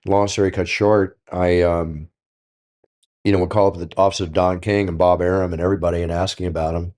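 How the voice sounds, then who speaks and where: An older man telling stories on a podcast in a casual, animated way, acting out the dialogue. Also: deep voice, a little fast. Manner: animated, acts out quoted dialogue. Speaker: guest storyteller.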